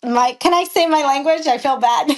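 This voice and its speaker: A woman jockey in a casual interview, animated and blunt, acting out heated exchanges and swearing freely. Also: sits high, normal speed. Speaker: guest, professional jockey.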